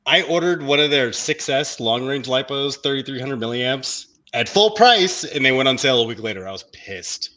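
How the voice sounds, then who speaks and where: A man's voice: mid-range voice, animated, moderate pace, few pauses, pushed and bright. A man co-hosting a casual livestream, brash and teasing, swearing freely. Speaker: co-host.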